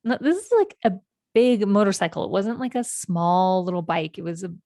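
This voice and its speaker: A woman in her forties from California, the host of a podcast, telling childhood stories in a meandering, reflective way with gentle self-corrections. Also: mid-range voice, normal speed, vocal fry, no room sound, studio quality. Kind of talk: reflective personal storytelling.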